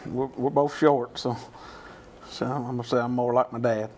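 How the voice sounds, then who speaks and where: A man's voice: mid-range voice, flat delivery, normal speed, a little mellow. A man answering questions on a family game show, easygoing and laughing.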